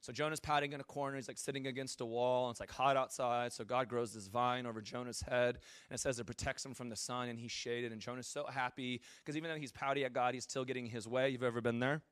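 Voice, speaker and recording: A man's voice: medium pitch, fairly even intonation, fast, few pauses, a bit bright, clean tone, no room sound, clean studio sound. A male pastor giving a casual, joking sermon and asking his audience questions. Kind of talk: conversational sermon.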